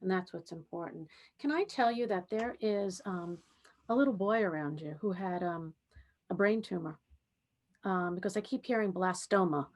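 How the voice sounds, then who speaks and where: A woman who hosts a podcast as a spiritual medium. She speaks gently and reassuringly, often checking in with "okay?". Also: fairly low pitch, normal speed. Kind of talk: podcast interview with psychic reading.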